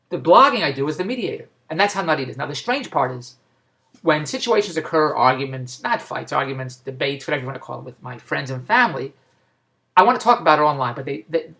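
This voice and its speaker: Bright-voiced man ranting on his vlog. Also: a little high. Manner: repetitive, stammering, grows loud and exasperated. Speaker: vlogger. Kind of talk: rambling vlog rant.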